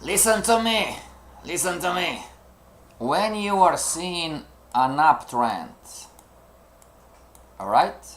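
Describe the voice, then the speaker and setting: A man's voice: on the high side, a bit bright, slight background noise. A man teaching a trading lesson live to students. He speaks non-native English, sometimes searches for words, and keeps checking understanding with "you know" and rhetorical questions. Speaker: trading instructor.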